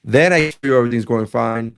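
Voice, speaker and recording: Fast-talking man telling a comedy story. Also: mid-range voice, gravelly, slight background noise. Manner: animated, acts out dialogue in quotes. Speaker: podcast co-host, comedian. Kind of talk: casual storytelling chat.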